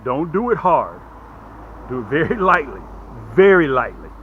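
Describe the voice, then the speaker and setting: A middle-aged man casually demonstrating and selling fishing hooks to the camera, talking in a repetitive, lively salesman patter and calling viewers "guys". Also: a little high, normal speed, phone-quality sound, slight background noise. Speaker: fishing gear seller and channel host. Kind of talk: casual product demo to camera.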